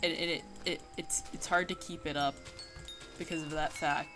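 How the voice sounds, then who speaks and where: A woman streaming a game, chatting loosely and rambling through plenty of fillers and restarts. Her voice sits on the low side, and she breaks into sudden yelps at the game. Game music plays clearly behind her the whole time. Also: steady tone, normal speed, pushed and bright. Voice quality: worries her voice sounds nasal. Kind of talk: casual gaming stream chat.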